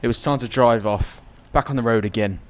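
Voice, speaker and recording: A man's voice: medium pitch, a little fast. Cheeky young man vlogging a trip. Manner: cheeky, self-mocking, bursts of excitement. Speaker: travel vlogger. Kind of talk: casual travel vlog with voice-over narration.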